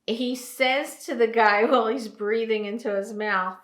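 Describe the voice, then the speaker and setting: A woman from New Jersey giving a heartfelt vlog monologue, slow and earnest, repeating phrases for emphasis, tearful and emotional. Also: fairly high pitch, fairly even intonation, a bit bright, reverberant. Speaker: trucking vlogger.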